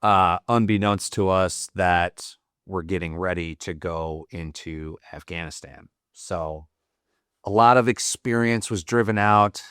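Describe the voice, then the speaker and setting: Man, very low voice, slow unhurried delivery, profane and laughing, rambling story. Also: a bit bright, smooth, dry recording, clean studio sound. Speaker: podcast guest, Marine veteran. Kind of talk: casual storytelling.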